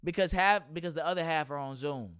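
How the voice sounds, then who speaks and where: A young man chats loosely on a casual podcast, cursing freely and breaking into laughter. His voice sits high and comes through smooth and clear. The sound is close and dry. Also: quick pace, a bit bright, no room sound. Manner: loose, profane, laughs often. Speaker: podcast host and substitute teacher.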